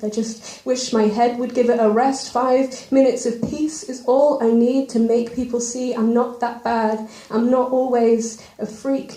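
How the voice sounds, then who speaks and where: A woman's voice: fairly high pitch, warm tone. Young woman performing spoken word poetry. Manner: self-deprecating, quick rhyming delivery with nervous asides. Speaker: open mic poet. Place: open mic venue. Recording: roomy live venue recording.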